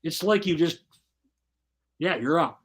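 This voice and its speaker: A man as an interview guest, telling his story bluntly and profanely in casual, animated talk. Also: fairly high pitch, unhurried, breathy edge.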